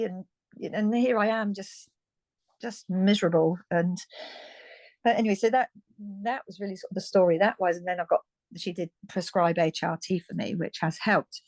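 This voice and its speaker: A British woman in her fifties talks frankly and at length, her voice sitting at an ordinary middle pitch. She chats freely, restarting sentences and breaking into small laughs as she goes. The sound is close and dry. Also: steady tone, fairly quick, a little mellow, dry recording. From United Kingdom. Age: 50s. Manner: chatty and frank, many restarts and little laughs. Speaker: guest. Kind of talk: candid conversational storytelling.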